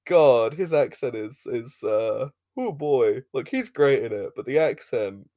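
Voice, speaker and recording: A man's voice: mid-range voice, expressive, measured pace, warm tone, no room sound, clean studio sound. A man co-hosting a casual podcast, retelling a show's plot with laughs, filler words and swearing. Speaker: podcast co-host recapping an episode. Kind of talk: casual chat.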